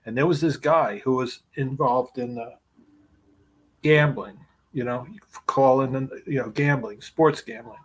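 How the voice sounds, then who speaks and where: A man with a husky, slightly breathy voice tells rambling stories full of profanity. His delivery is loose and conversational, like a guest chatting on a podcast. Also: mid-range voice, a little slow. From New York. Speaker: guest, screenwriter. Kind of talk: casual storytelling.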